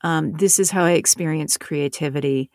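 Thoughtful woman from North Carolina, lowish voice. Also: normal speed, a little mellow, no room sound, studio quality. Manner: thoughtful, with frequent restarts and repeated words. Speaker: author and audiobook narrator. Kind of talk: conversational interview.

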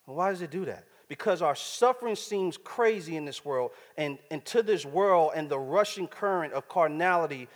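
A man's voice: fairly high pitch, lively intonation, moderate pace, few pauses. A middle-aged man preaching a sermon in a casual, slang-filled way, often checking in with his listeners. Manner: conversational slang-laced preaching, repeated check-ins with listeners. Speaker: pastor. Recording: hall reverb.

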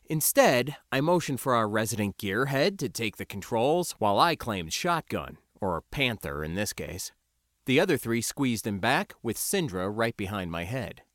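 A man reading a first-person story as an audiobook narrator, in a wry, lively storytelling way. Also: medium pitch, moderate pace, dry recording, studio quality.

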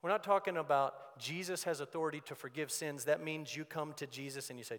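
A man's voice: a little high, fairly quick, fairly bright tone. A man preaching a sermon as pastor, in an earnest, conversational way. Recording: long church hall reverb.

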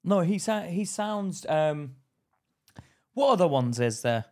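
A man's voice: a little high, expressive, slow pace, darkish tone. Giggly rambling man in casual chat. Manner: giggly, rambling, confused storytelling. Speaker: podcast co-host. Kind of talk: casual banter.

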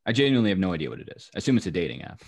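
A man in his thirties hosting a podcast, teasing and joking with quick questions. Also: low voice, sing-song, a little mellow, breathy edge. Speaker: podcast host. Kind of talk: casual podcast chat.

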